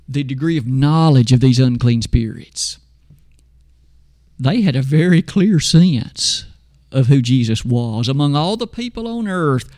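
A man delivering a sermon, reading scripture aloud with slow, emphatic pauses. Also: fairly high pitch, dark tone, dry recording, clean studio sound. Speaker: preacher.

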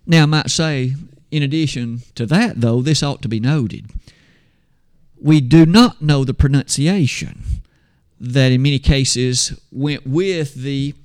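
A man teaching a Bible lesson from slides, explaining things in a measured way and speaking to his listeners as "you and I". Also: mid-range voice, a little mellow, smooth.

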